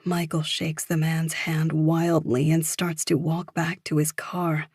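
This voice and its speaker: A woman with a very low voice reads a psychological thriller audiobook in a steady, measured way. The recording is dry and close, with no room sound. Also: slightly rough, no echo. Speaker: audiobook narrator. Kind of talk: scripted thriller narration.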